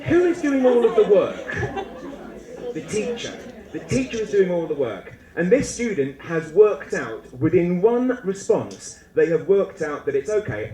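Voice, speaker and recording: A man giving a lively, humorous conference talk to teachers, acting out little classroom scenes as he goes. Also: high voice, unhurried. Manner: animated, humorous, acts out student and teacher voices. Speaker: conference speaker. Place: lecture hall. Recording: echoey lecture hall.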